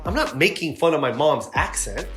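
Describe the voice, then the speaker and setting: A man's voice: on the high side, expressive, normal speed, echoey room, over loud music. A male comedian talking in an interview, emphatic and indignant, with a lot of swearing. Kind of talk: animated interview talk.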